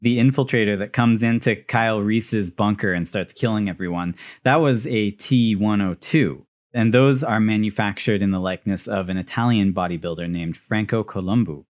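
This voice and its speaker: A man's voice: lowish voice, normal speed, few pauses. Laughing, joking male co-host. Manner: laughs often, animated and joking. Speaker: podcast co-host. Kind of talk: casual movie discussion.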